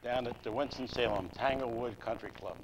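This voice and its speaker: An older man answering interview questions in a plain, steady storytelling manner. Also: mid-range voice, brisk. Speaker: guest. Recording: noisy 2002 local cable recording.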